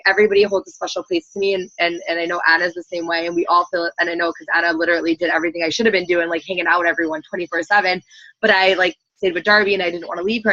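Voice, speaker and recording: Fast, bright-voiced woman leading a call. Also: on the low side, no echo, highs cut off. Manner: gushing, rambling, lots of "like". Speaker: team leader hosting a group call. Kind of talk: casual team call. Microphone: computer call audio.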